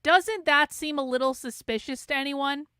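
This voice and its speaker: Woman host, high and bright, dry close sound, sarcastic and profane live reaction. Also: moderate pace, no echo. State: voice strained from yelling. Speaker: show host.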